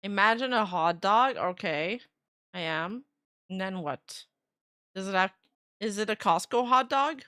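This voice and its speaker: A young woman streamer chatting casually and telling stories in an animated way. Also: medium pitch, measured pace, long pauses, dry recording, studio quality. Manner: animated storytelling, laughs often. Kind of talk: casual chat.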